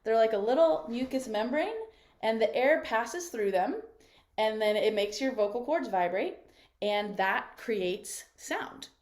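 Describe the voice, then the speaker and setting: A woman's voice: fairly high pitch, expressive, unhurried, darkish tone. A woman voice coach leading a live online workshop over a video call, talking in an encouraging, conversational way and often checking in with "right?".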